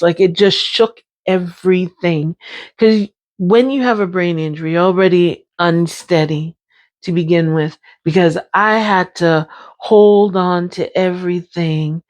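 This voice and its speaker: A woman's voice: on the low side, darkish tone. A woman, talking candidly and emphatically in a personal vlog, repeating phrases as she goes. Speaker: brain injury survivor sharing her experience.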